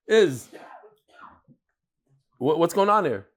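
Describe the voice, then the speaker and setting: A man's voice: a little high, expressive, moderate pace. Chatty storytelling man. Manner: joking, storytelling, chatty with laughs. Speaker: Talmud teacher. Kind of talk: daf yomi lecture with jokes and stories.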